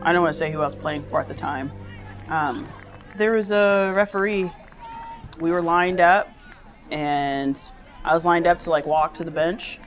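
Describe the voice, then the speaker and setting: Young female athlete, lively storyteller, muffled lo-fi audio, music bed. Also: deep voice, normal speed. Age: young adult. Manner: animated, laughs often, acts out dialogue. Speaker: soccer player, interview clip. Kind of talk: casual storytelling.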